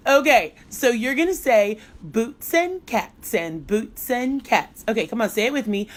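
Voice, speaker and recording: Chatty, playful middle-aged woman teacher. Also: on the high side. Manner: chatty and playful, laughs often. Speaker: music teacher and blogger. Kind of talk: casual live online teaching demo.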